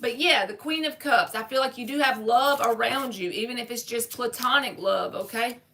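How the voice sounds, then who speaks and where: A woman's voice: on the high side, moderate pace, pushed and bright. A woman giving a live-stream tarot reading, talking casually and straight to her viewers in slangy everyday speech. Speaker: tarot reader.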